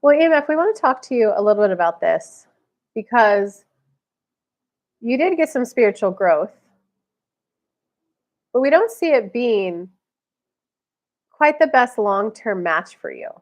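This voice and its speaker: A woman's voice: fairly high pitch, big pitch swings, a little slow, pauses often. A woman hosting a live stream, giving conversational psychic readings and responding to viewer comments. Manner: chatty, relays guidance in a conversational flow.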